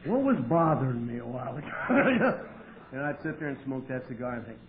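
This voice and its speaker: A man telling his story at a recovery meeting, wry and profane, with sudden loud outbursts. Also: mid-range voice, sing-song, a little fast, over a noisy crowd. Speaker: AA meeting speaker. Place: meeting hall with audience. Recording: tinny lo-fi 1988 tape with faint hiss.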